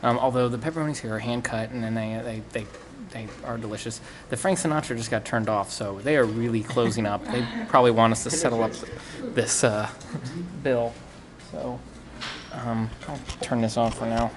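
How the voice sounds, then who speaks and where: A man's voice: mid-range voice, normal speed, noisy background. Joking man hosting a podcast in a restaurant. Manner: relaxed, joking, trails off mid-sentence. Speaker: podcast host. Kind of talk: casual chat over pizza. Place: restaurant at closing time.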